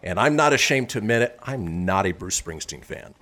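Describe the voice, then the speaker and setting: A man's voice: on the low side, lively intonation, fairly quick, bright, forceful tone. A man hosting a radio show, reading this-day-in-history items in a casual chat and laughing often.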